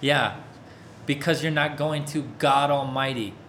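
A man's voice: medium pitch, steady tone, unhurried, fairly bright tone, a little hiss or hum. A man preaching a sermon in a casual, conversational way, often checking that his listeners follow along. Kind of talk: interactive sermon.

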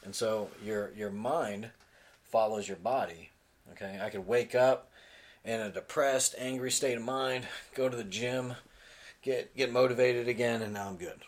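A man in his thirties hosting a casual podcast chat with his daughter, relaxed, laughing often and pausing with lots of ums. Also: mid-range voice. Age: 30s. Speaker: podcast host and father.

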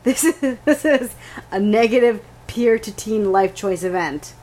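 A woman co-hosting a chatty podcast, reacting with animated outrage and frequent laughter. She swears freely and talks in quick, excitable bursts. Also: fairly high pitch. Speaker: podcast co-host. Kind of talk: casual chat.

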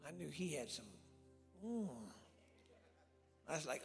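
A man preaching a storytelling sermon as a traveling evangelist, swinging between loud shouts and hushed whispers, recorded live in a church. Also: fairly high pitch, very animated, slow, creaky, long pauses. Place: church sanctuary with reverb. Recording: live church recording with long reverb and faint music.

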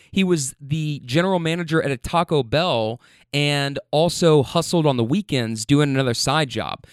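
A man tells stories from his rideshare driving straight to the camera, in a casual, animated way. His voice sits a little high and sounds smooth and clear. It is close and dry, with no room around it. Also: no echo. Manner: animated, swearing, repeats himself. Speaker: rideshare driver vlogger. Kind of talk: casual storytelling to viewers.

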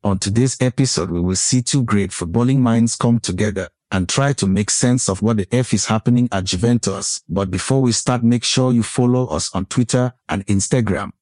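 A man's voice: on the low side, moderate pace, few pauses, darkish tone, no echo, clean studio sound. A man giving a scripted, playful intro to a podcast with a mock-menacing tone. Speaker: show intro announcer.

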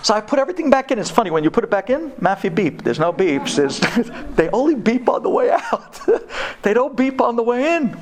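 Animated rabbi telling a funny story. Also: male voice, extremely high pitch, a little fast, slight background noise. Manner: animated, humorous storytelling, acts out dialogue. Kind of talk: storytelling Torah talk.

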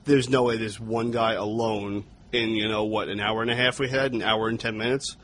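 A man's voice: lowish voice, steady tone, moderate pace, fairly bright tone, a little hiss or hum. A man co-hosting a podcast, recapping a film's plot and giving blunt opinions, swearing casually. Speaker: podcast co-host. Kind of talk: casual movie discussion.

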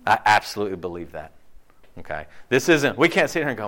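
A man's voice: on the low side, very animated, brisk, fairly bright tone. A man preaching a sermon in a casual, conversational way, peppering his points with rhetorical questions and acting out quoted voices. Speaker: pastor.

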